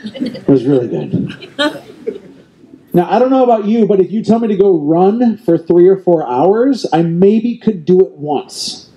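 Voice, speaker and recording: A man's voice: high-pitched, lively intonation, measured pace, lo-fi sound. A middle-aged man, a real estate team leader, giving an emphatic motivational keynote on stage and coaching the audience directly with lots of repetition. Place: event stage before a live audience.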